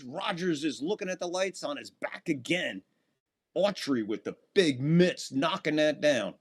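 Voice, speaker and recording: A man whose expressive, fairly high voice has a breathy edge and a slightly slow pace hosts a live fan stream, calling football plays. Between snaps he chats casually with viewers, getting louder on big plays.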